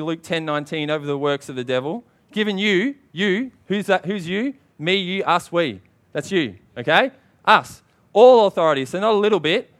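Emphatic male preacher, slightly high voice. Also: a bit bright. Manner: emphatic, call-and-response with the congregation. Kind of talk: sermon.

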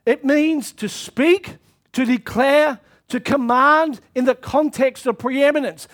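A man preaching a sermon to his church, reading scripture and pushing into shouted calls to action. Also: extremely high pitch, slow pace. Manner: impassioned preaching that swells into shouted exhortations.

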